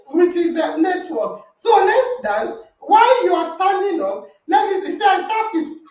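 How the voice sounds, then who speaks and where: A woman hosts a call with a very high, lively voice, acting out both sides of a story and laughing often. She sits back from the mic in a strongly echoing room. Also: measured pace, far from the mic, heavy background noise. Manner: animated storytelling, reenacting dialogue with laughter. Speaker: podcast host. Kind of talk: lively online group call chat. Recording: roomy echo, voice from off-mic.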